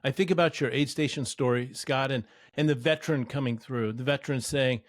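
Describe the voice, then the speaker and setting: A man's voice: mid-range voice, a little fast, hardly any pauses, no room sound, clean studio sound. A man co-hosting a podcast in casual chat, telling stories in a folksy manner. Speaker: podcast co-host.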